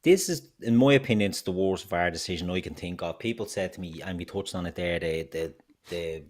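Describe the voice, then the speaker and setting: Low-voiced man ranting with heavy swearing. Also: fairly quick, a little mellow. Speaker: podcast co-host. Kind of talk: heated football chat.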